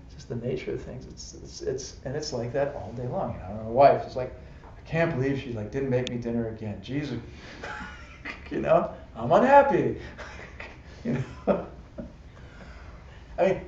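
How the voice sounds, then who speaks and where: A man of middle pitch leads a relaxed Buddhist class, talking loosely and laughing often. His voice sits in an echoey room, and the live-stream sound is dull with a faint hiss. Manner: chatty, laughing often, many "you know" and "right?". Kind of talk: casual dharma class lecture.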